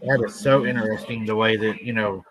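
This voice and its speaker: A man's voice: on the low side, fairly even intonation, brisk, noisy background. A man hosting a live stream, talking in a rambling, laid-back way about his own experiences. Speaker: host. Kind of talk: casual chat.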